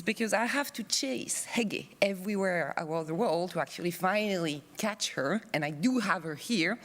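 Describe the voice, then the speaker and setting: Playful woman presenting an academic award. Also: lowish voice. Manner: playful, teasing, talks quickly in bursts. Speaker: conference co-convener presenting an award. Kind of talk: joking award speech at a conference.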